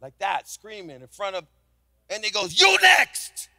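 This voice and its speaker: A man preaching a sermon as senior pastor, telling a story with animated delivery and acted-out voices. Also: high voice, moderate pace, no echo.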